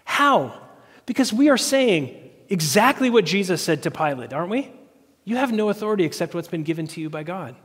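High-voiced preacher in a reverberant hall. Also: male voice, fairly bright tone. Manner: earnest, asks the congregation questions. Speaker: pastor. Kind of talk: sermon.

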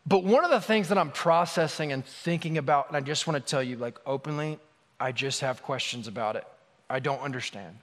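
A man's voice: mid-range voice, a little fast. A man preaching a sermon as pastor, talking in a candid, conversational way with touches of humor. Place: church sanctuary. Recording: long reverb of a large hall.

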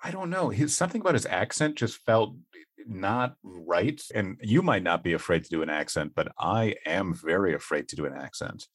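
A man co-hosts a podcast in relaxed, casual conversation. He is animated and laughs often. His voice sits a little low, and the recording is dry and close. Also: normal speed, husky, no echo. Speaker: podcast co-host. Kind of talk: casual chat.

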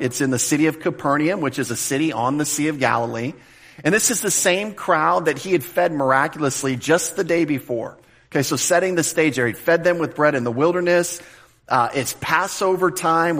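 A man preaching a conversational sermon in a slightly higher voice than most men. He often restarts his words and slows down to stress key phrases. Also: a bit bright. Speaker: pastor. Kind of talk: expository sermon.

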